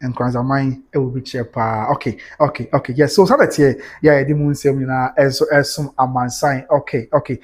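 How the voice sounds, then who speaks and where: A Ghanaian man with a slightly husky, breathy voice hosts a casual livestream. His pitch sits in the middle range, and he talks in an animated, exclamatory way, switching between Twi and English. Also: moderate pace, hardly any pauses. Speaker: livestream news host.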